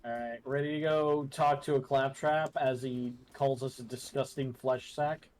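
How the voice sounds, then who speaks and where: Male VTuber co-player, middle pitch, casual, sweary, guiding the play. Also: fairly even intonation, normal speed. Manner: laid-back, joking, swears, guides the play. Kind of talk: casual game-stream banter.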